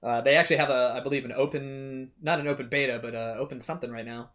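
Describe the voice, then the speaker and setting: A man's voice: mid-range voice, steady tone, fast, a crowd in the background. A man co-hosting a podcast, rambling casually with lots of fillers while he searches for words. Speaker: podcast co-host. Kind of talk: casual chat.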